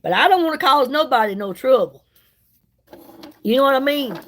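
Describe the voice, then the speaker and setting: A woman's voice: high voice, expressive, normal speed, fairly bright tone, rough recording. A middle-aged woman, chatting casually and sassily with viewers on a livestream while doing her makeup. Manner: chatty, sassy, folksy, greets viewers by name. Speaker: livestream host selling products.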